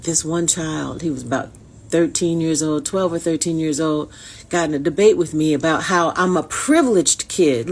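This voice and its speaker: A woman's voice: sits low, moderate pace, husky. A woman from Detroit, telling a heartfelt personal story straight to her viewers. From Detroit, USA. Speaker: actress sharing a personal story. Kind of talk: casual inspirational storytelling.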